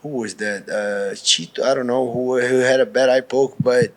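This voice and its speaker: A man's voice: medium pitch, fairly even intonation, moderate pace. A man with a Brazilian accent, a professional fighter answering questions in a pre-fight media interview, talking frankly and casually, often restarting his sentences.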